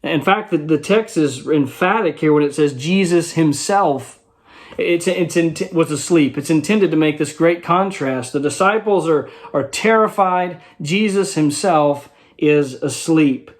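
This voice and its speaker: Brief: male Bible study teacher, relaxed explanatory tone, voice sitting a bit high. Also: measured pace. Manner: conversational, explains verse by verse with rhetorical check-ins.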